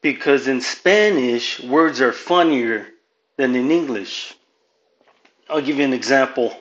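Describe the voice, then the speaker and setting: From a home podcast mic with lo-fi sound, a Southern Californian host delivers a profane, rambling stand-up monologue, dropping Spanish phrases into his English. His mid-range voice is unhurried and fairly bright.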